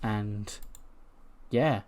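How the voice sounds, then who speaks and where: A man's voice: fairly low pitch, very slow, darkish tone. A man casually narrating a wrestling management game as its regular host, chatty and often laughing. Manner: chatty, laughs often, retells scenes with quoted voices. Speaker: game commentator.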